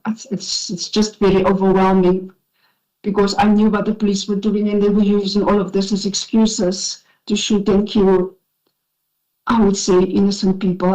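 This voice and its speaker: A woman with a South African accent testifying at an enquiry, her voice shaky and halting as she gets emotional. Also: mid-range voice, mellow, rough recording. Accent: South African English. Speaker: witness at an enquiry. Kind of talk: sworn testimony, reading a statement.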